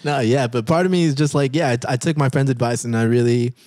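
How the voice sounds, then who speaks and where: A man's voice: medium pitch, quick pace, a little mellow, no room sound. A man in his twenties hosting a casual podcast chat, easygoing and agreeable, in a studio. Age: 20s.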